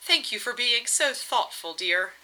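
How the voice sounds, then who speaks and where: A woman reading aloud, voicing a regal goddess wife who is doting but reproachful, in a bright voice. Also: on the high side, animated, a little slow, voice pushed up, heavily acted, rough recording. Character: regal goddess wife, fussy and sweetly demanding.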